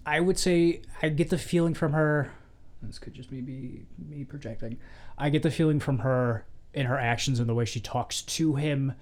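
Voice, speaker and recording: A man's voice: mid-range voice, moderate pace, a little mellow. A man co-hosting a casual film chat, giving candid opinions with some hedging and casual swearing. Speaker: podcast co-host discussing a film.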